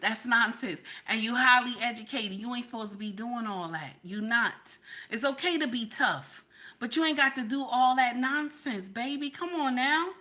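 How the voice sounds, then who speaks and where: Sassy woman host with a bright voice. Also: fairly high pitch, moderate pace. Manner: sassy, preachy, talks straight to the viewers. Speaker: channel host. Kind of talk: reaction commentary.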